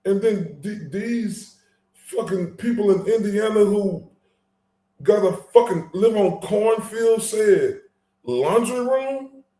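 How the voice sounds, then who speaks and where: A man's voice: high voice, slow, dark tone, roomy sound. A man hosting his own channel, giving heated, profane commentary with angry emphasis and frequent stumbling restarts.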